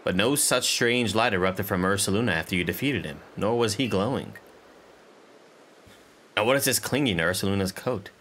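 Man reading as a soft, fussing clan elder. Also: on the low side, normal speed, slight background noise, lightly acted. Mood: musing. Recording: game music playing under voice.

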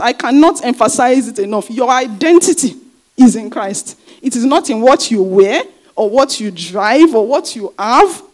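Speaking in a fairly high voice, a woman pastor preaches a sermon, hammering her points with repeated phrases. She poses rhetorical questions and then answers them herself.

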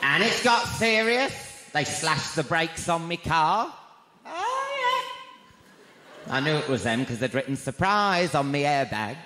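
A man doing a gossipy, camp stand-up routine, his voice jumping to high shrieks. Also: lively intonation, normal speed, few pauses, very noisy. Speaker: stand-up comedian. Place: large arena before a live crowd. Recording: echoey arena, loud crowd laughter. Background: audience laughter.

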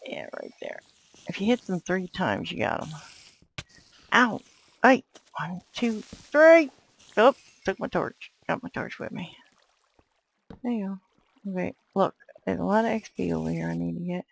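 Woman gamer w/ a gravelly voice, talks slow, hollers at mobs then mumbles to herself. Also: mid-range voice, big pitch swings, rough recording. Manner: exclaims and yells at enemies, then mutters to herself. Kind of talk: let's play commentary.

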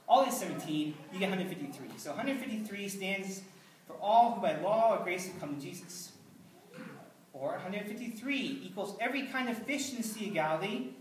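A man's voice: high voice, a little hiss or hum. A man pastor delivering a sermon in an earnest, conversational way, with dry asides. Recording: roomy, distant mic, faint ambience.

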